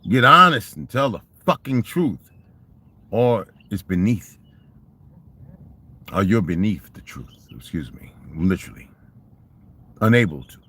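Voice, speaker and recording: Older man, lowish voice; rambling, profane monologue storyteller. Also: sing-song, unhurried, long pauses, pushed and bright, husky. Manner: profane, conversational, asks rhetorical questions. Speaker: vlogger.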